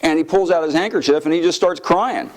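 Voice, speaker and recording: A man's voice: a little high, fairly quick, low-quality recording. A middle-aged man, a former congressman, telling stories to an audience, acting out the quotes with a raised voice. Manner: lively storyteller, acts out quotes with a raised voice. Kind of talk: anecdotal speech to an audience.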